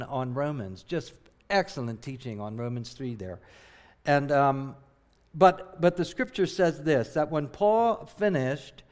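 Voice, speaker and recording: Middle-aged male missionary preacher from southern New Jersey, slightly high, earnest and emphatic delivery. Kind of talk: sermon.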